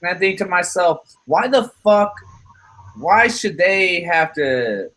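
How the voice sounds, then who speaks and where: A man in his thirties with a slightly high voice talks in a loose, rambling podcast chat. He swears freely and gets heated, circling back over his own words. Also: lively intonation, slow pace, a bit bright. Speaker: channel host.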